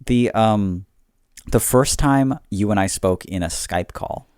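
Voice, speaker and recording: A man's voice: lowish voice, slow pace, a little mellow, clean tone, no room sound, studio quality. A man co-hosting a podcast, talking casually in a reflective, rambling way with lots of fillers. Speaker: podcast co-host. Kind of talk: casual chat.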